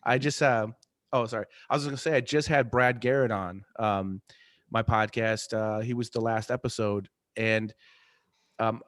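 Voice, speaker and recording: Man, guest in a casual chat, mid pitch, lots of ums and restarts, dry close sound. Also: fairly even intonation, moderate pace, a bit bright, dry recording. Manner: rambling, many fillers and restarts, laughs often. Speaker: artist and podcast host, interview guest.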